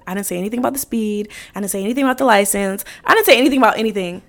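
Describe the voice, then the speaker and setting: Young woman podcaster, kinda high voice, swears a lot, acts out all the quotes. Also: quick pace, hardly any pauses. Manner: animated, profane, acts out quotes with laughs. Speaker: podcast host. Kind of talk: casual storytelling.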